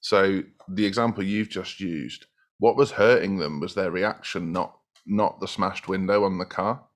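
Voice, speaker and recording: A man's voice: deep voice, steady tone, unhurried. A man hosting a podcast, talking in a reflective, agreeable way as he builds on his guest's points. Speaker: podcast host. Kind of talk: casual podcast conversation.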